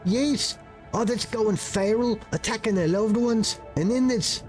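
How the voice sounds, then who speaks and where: A man's voice: high voice, measured pace, darkish tone, faint music behind, pitched above the performer's own voice. A man voicing a terrified young male peasant rebel, speaking in a put-on British accent with urgent, pleading delivery. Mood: desperate. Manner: urgent, pleading, breathless storytelling.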